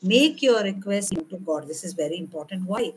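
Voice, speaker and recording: A woman's voice: lowish voice, expressive, normal speed, background noise. An older woman from India preaching a sermon in a conversational way, often repeating herself and acting out prayers. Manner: conversational, repeats and rephrases, quotes prayers aloud.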